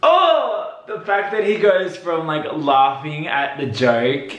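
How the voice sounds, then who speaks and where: Chatty man reviewing a show in an echoey room. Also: a little slow. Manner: chatty, breaks into excited high outbursts and laughs. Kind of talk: casual rewatch reaction commentary. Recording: echoey room with faint noise.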